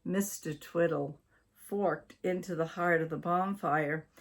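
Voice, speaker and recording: An older woman from Maine reading a children's story aloud in a slow, deliberate way. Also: on the low side. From Maine, USA.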